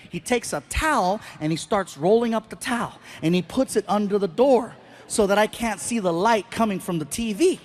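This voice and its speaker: A male stand-up comedian tells animated stories on stage in a notably high voice. He throws in sound effects. A faint hum of noise sits behind him.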